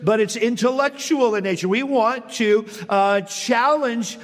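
A man preaching an expository sermon as a pastor, blunt and emphatic, slowing down to stress key words. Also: extremely high pitch, in a large hall. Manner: blunt, plain-spoken.

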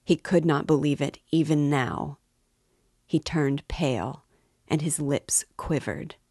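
A woman reading a novel aloud in a measured, expressive way. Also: low-pitched, slightly rough, no echo, clean studio sound. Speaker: book reader.

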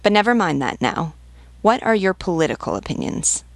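A woman reading the part of a gruff male army sergeant who questions bluntly and demands answers. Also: on the low side, sing-song, moderate pace, no room sound. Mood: stern.

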